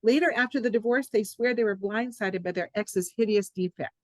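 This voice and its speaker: A woman psychologist and author, a guest on a podcast interview, telling jokes and reading from her own book in a playful, animated way. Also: mid-range voice, brisk, dry recording, low-quality recording.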